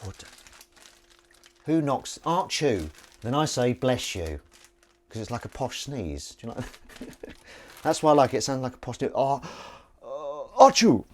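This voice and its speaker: This livestream host speaks in a mid-range voice with big pitch swings, unhurried and pausing often, over a little hiss or hum. He chats jokily and aimlessly while washing up in his kitchen, reading out viewers' comments.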